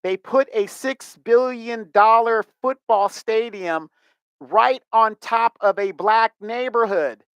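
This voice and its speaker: A man's voice: high voice, slow, a bit bright, smooth, dry recording. Middle-aged guy vlogging a rant, indignant n emphatic, dry close sound. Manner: emphatic, indignant, repeats himself. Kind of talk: ranting commentary.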